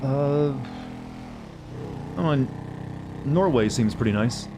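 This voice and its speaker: An American man streaming a game, chatting in a relaxed way and swearing casually. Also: mid-range voice, slow, background noise. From United States. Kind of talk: casual gameplay commentary.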